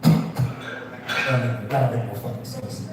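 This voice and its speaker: A man's voice: medium pitch, steady tone, drawn-out words, recorded from a distance, faint music behind. A young man doing a rambling stand-up set at a small open mic, swearing and chatting with the crowd. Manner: loose, rambling, swearing, crowd-work asides. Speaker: stand-up comedian. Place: small comedy club. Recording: roomy echo, off-mic.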